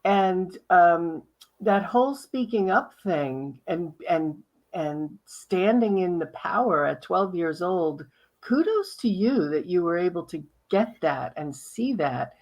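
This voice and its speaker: A woman's voice: on the low side, animated, slow, a little mellow. A woman hosting an interview who chats and affirms her guest. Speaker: host. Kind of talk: conversational interview.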